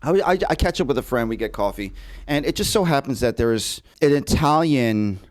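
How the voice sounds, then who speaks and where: A man's voice: medium pitch, brisk. A man who hosts a podcast for actors, telling stories in casual chat, stammering and repeating words as he goes. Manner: animated storytelling, frequent repeated words.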